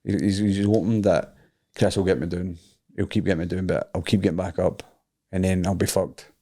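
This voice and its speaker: A man's voice: deep voice, fairly even intonation, fairly quick, dark tone. A young Scottish man co-hosting a podcast, bantering, laughing often and swearing freely. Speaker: podcast co-host and fighter. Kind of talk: casual chat.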